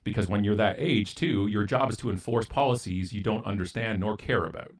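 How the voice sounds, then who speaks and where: In an interview, a guest speaker from Canada tells a story brusquely, mocking himself and playing both roles in the exchange. He talks briskly in a lowish voice.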